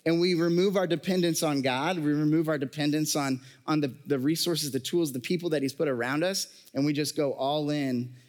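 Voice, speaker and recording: A man's voice: fairly high pitch, fairly even intonation, brisk, few pauses, darkish tone, in a large hall. A man giving a casual, conversational sermon to a live congregation, joking and using lots of fillers.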